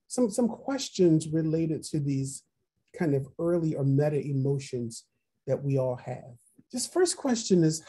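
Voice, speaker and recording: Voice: medium pitch, mellow, husky. A workshop trainer leading an online training session, posing reflective questions, repeating them, and reading out participants' chat replies over a video call. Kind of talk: online training webinar facilitation.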